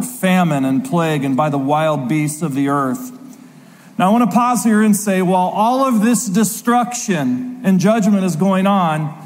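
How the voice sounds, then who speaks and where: A man preaching a sermon with a high voice. He reads scripture dramatically, leaning hard and slow on key words. His voice rings with the long reverb of a large hall. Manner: dramatic reading with slow emphatic stresses.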